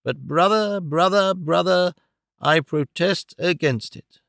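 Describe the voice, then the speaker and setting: A man's voice: sits high, creaky, fairly bright tone, dry recording, studio quality, heavily acted. A man reading an audiobook voices a frail old man whose trembling voice turns fierce and indignant. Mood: earnest pleading. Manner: slow, earnest, protesting.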